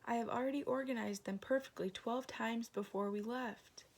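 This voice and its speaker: A woman's voice: on the high side, normal speed, pitched above the performer's own voice. A woman voicing a fussy, perfectionist mother bear who growls her complaints in a storybook reading. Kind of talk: storybook read-aloud.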